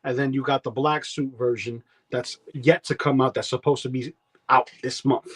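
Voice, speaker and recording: A man's voice: medium pitch, fairly even intonation, moderate pace, breathy edge. New York man explaining toys casually. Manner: explains in detail with many fillers. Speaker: panelist on a collecting podcast. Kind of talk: casual chat.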